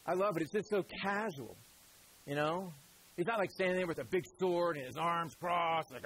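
A man's voice: sits high, animated, normal speed, fairly bright tone, slight background noise, rough recording. A male preacher giving a sermon in a conversational, storytelling way, often calling his listeners "guys".

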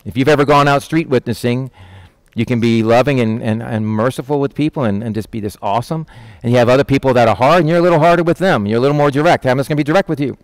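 A middle-aged male pastor gives a casual, folksy sermon, speaking directly and plainly to the listeners. The sound is close and dry, with no room echo. His pitch sits in an ordinary middle range for a man. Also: fast. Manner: folksy, direct, acts out voices of disciples with a raised pitch. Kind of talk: conversational sermon with Bible reading.

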